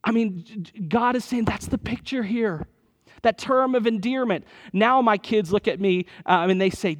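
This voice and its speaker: A man's voice: high-pitched, moderate pace, in a large hall. A man in his thirties preaching a sermon in an earnest, conversational way, often repeating his phrases. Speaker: pastor.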